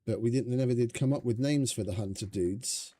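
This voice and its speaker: A man's voice: mid-range voice, a little fast, mellow, husky. A man streaming a survival game, chatting casually in a rambling, profane, stop-start way. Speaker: gaming streamer. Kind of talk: casual gameplay commentary.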